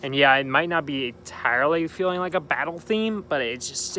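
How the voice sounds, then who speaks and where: A man's voice: fairly high pitch, a little fast, bright, forceful tone, slight background noise. A young man hosting a gaming channel, talking casually and rambling cheerfully about a game while sitting outdoors at night. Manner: chatty, rambling and upbeat. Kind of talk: casual let's-play commentary.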